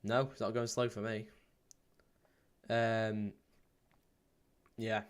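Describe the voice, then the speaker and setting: A man hosting a live football watchalong stream. He chats casually, reads out viewer comments with plenty of ums, and breaks into excited play-by-play. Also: fairly low pitch, extremely slow, clear, resonant tone. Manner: bursts into excited play-by-play at goals. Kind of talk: live match watchalong chat.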